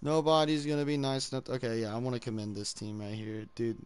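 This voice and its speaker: A man's voice: medium pitch, little pitch movement, quick pace, smooth, no echo. A man giving casual, rambling commentary while playing a match, mocking himself and saying dude a lot. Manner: rambling and self-mocking, says dude often. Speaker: gamer streaming his match. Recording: loud background noise.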